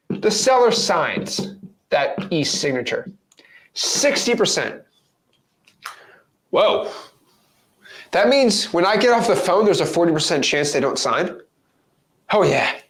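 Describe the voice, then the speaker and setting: A man coaching viewers on real estate wholesaling in an energetic, playful, casual teaching monologue. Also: a little high, normal speed.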